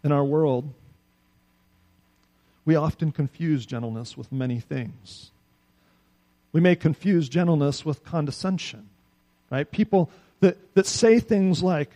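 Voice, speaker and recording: Man, middle-aged, pastor, sermon, conversational, mellow warm tone, slightly higher voice. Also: a little slow, pauses often. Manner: conversational, animated preaching with frequent rhetorical "right?".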